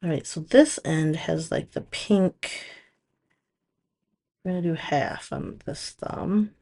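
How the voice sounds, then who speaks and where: A woman with a deep, warm voice that has a gravelly, creaky edge talks slowly through a nail product demo. She chats and thinks aloud as she works with her hands.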